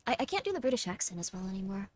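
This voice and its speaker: A woman hosting a live stream, chatting casually in a bubbly, excitable, playful way. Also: medium pitch, racing. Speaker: streamer host.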